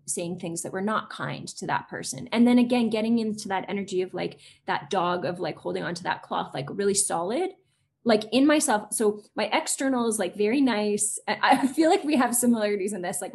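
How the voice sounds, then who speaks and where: Appearing as a guest on an interview show, this woman in her forties, an educator, is chatty and casual, with plenty of small fillers and put-on voices whenever she quotes kids. She speaks in a creaky, darkish mid-range voice. Slight background noise can be heard.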